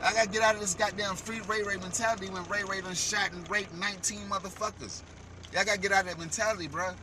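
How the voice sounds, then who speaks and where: A man delivering a heated, profane rant as a vlogger, shouting at times. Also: high-pitched, steady tone, fast, slight background noise. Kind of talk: heated ranting commentary.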